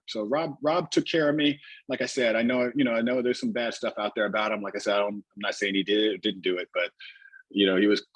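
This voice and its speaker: A man's voice: medium pitch, breathy edge, no echo, rough recording. A middle-aged man, a former pro wrestler guest on a podcast, tells rambling anecdotes with lots of "you know" and restarts. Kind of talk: casual storytelling in a podcast interview.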